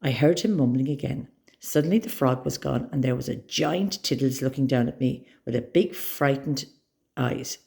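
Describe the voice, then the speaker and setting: A woman reading a children's story aloud with expressive, dramatic storytelling. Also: very deep voice, normal speed, creaky.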